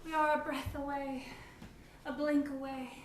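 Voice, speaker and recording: A woman playing a trance-like female seer who speaks cryptically and slowly in a live stage improv scene. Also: high-pitched, little pitch movement, slight background noise. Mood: dreamy. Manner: slow, dreamy, prophetic. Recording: echoey theatre, far from mic.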